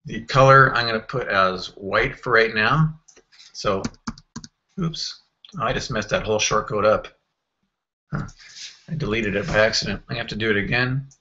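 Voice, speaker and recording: A man walking through a software screen tutorial in a casual, think-aloud way, with fillers and self-corrections. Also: lowish voice, moderate pace, pauses often, lo-fi sound. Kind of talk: screen-recorded software walkthrough.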